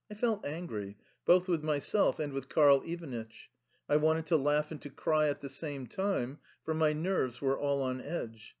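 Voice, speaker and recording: A man reads an audiobook aloud in a slow, measured way. His voice sits a little high for a man. The recording has a dull, lo-fi sound. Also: darkish tone. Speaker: audiobook narrator. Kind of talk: scripted audiobook narration.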